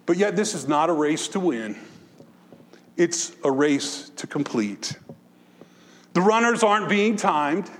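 A man with a high-pitched voice delivers a sermon from the pulpit of a church sanctuary. His words trail off into a long reverberation in the hall. He swings between impassioned exhortation and quiet, reflective storytelling. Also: lively intonation, slow, pauses often. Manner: rising to impassioned exhortation, dropping to soft reflection. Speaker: pastor.

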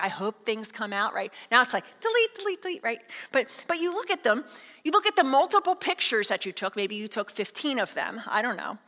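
High, bright-voiced woman preaching. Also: long reverb tail. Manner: conversational, lively storytelling with many asides. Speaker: pastor. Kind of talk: sermon.

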